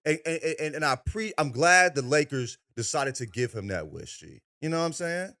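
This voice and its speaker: Animated profane man in casual sports chat. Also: on the high side, moderate pace. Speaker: podcast co-host.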